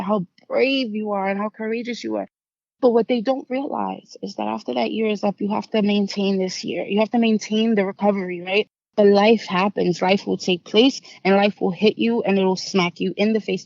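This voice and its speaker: A woman's voice: medium pitch, creaky, a little mellow, no room sound. A woman guest on a podcast telling her personal recovery story, candid and emotional, stumbling over repeated words at hard moments. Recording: dull, dry lo-fi sound.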